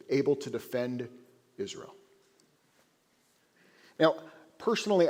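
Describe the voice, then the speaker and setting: A man giving a sermon as a rabbi, an animated, conversational storyteller speaking in a synagogue sanctuary. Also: on the high side. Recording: echoey sanctuary.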